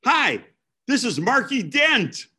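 A man's voice: very high voice, big pitch swings, takes it slowly, bright, forceful tone, breathy edge, pitched above the performer's own voice, heavily acted. A man voicing a friendly middle-aged caller with a Milwaukee accent, cheerful and eager.

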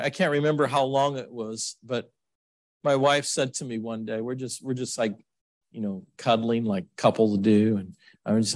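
A middle-aged male pastor preaching a sermon in an emotional, rambling way, with frequent restarts and sudden jumps up and down in pitch. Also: dry recording, clean studio sound.

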